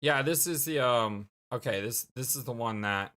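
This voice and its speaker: A let's play host giving casual commentary and reading game text aloud, full of quick reactions and exclamations. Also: medium pitch, a bit bright.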